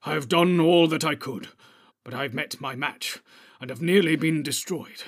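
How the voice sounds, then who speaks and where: A man voicing an old male wizard, stern and commanding, giving urgent, forceful orders in a husky voice in an audiobook reading. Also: fairly high pitch, normal speed. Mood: shaken, urgent.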